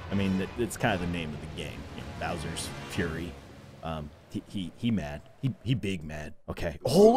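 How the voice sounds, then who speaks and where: A man hosting a gaming video, giving excitable, jokey play-by-play commentary and exclaiming often. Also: mid-range voice. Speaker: YouTube gaming host. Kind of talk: gameplay commentary.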